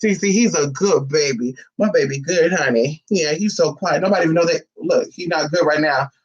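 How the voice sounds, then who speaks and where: A man vlogging casually from home, sassy and profane, cooing baby talk at his dog, his voice a little hoarse. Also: fairly high pitch, fairly quick, lo-fi sound. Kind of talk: casual chat to camera.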